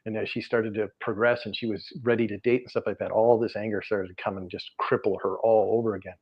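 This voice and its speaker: A man's voice: fairly low pitch, level tone, fast talker, husky. A middle-aged man, a guest energy healer, telling client stories in a podcast interview, earnest and rambling with many fillers and restarts. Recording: dull lo-fi audio.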